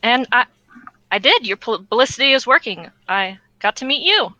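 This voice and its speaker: An awkward, friendly young woman adventurer who keeps stumbling over her words, as a woman puts her on. Her voice is high and bright, with a slow, lilting delivery. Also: big pitch swings, dry recording, muffled recording. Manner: hesitant, stammering.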